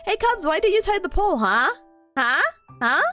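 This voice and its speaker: A woman's voice: very high-pitched, very animated, moderate pace, sharp tone, faint music behind. A woman in her twenties streaming, chatting casually with viewers, giggling often and reading chat aloud.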